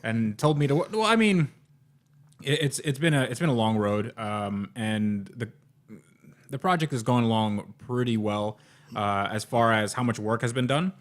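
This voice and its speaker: A man's voice: medium pitch, normal speed. Rambling jokey podcast host man. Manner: rambling, jokey, lots of fillers and restarts. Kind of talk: casual car podcast chat.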